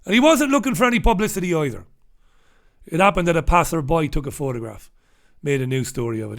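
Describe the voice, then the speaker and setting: Angry guy with a highish voice ranting thru the morning papers, lots of cursing n yelling. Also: expressive, a little fast. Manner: heated ranting with heavy swearing, swings to shouting. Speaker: commentator reviewing newspapers. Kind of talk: angry solo commentary.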